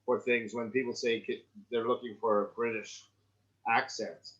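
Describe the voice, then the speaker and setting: A middle-aged male acting coach talks through a student's script at a middle pitch, wandering off on tangents and tagging his points with "right?". The sound is dull and lo-fi, like an online call. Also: little pitch movement, moderate pace, a bit bright. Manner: rambling, checks in with "right?" often. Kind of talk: giving script feedback in an acting class.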